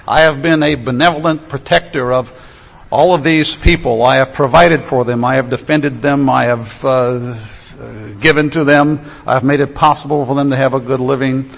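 A man's voice: medium pitch, fairly even intonation, moderate pace, gravelly. A man preaching, retelling the words of a humbled old king who pleads his titles at heaven's gate. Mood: pleading. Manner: earnest listing of titles, hesitant. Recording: echoey hall, dull lo-fi sound.

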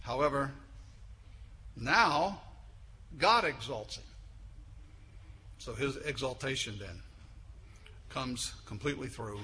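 A man preaching a sermon, building emphatically to forceful peaks and then dropping low. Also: animated, slow pace, pauses often. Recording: echoey hall with faint noise.

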